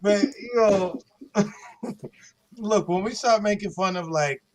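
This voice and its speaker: A man from New York talking on a podcast panel, his voice a little high. He keeps it loose and slangy, swearing and laughing easily. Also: slow, crowd noise. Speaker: guest panelist. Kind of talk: casual panel chat.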